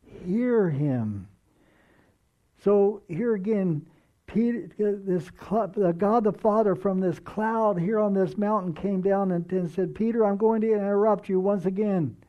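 A man preaching a sermon in a slow, earnest way, dropping soft and low when he quotes. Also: muffled recording.

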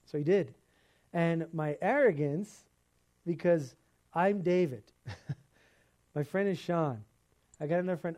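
Mellow-voiced man preaching a story. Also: on the high side. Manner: conversational storytelling, animated quoting. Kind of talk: sermon with personal story.

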